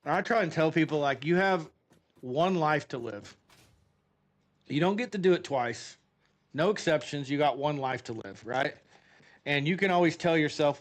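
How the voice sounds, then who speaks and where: A middle-aged man streaming a game, telling rambling, animated stories in a casual way with many fillers. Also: on the high side, normal speed. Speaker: gaming streamer. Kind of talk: casual storytelling while playing a game.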